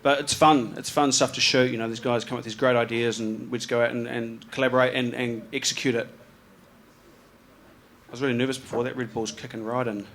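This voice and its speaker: A man's voice: mid-range voice, level tone, fairly quick, a bit bright. A man from New Zealand with a New Zealand accent, a photographer giving a live talk about his slides. He rambles casually, with lots of ums, restarts and slang. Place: live event venue with an audience.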